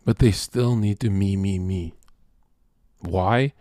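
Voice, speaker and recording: A man's voice: low voice, takes it slowly, mellow, no echo. A man hosting a stream, ranting in a crude, profane monologue and asking "right?" again and again. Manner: mock-quotes people in sudden voice swings. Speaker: streamer host.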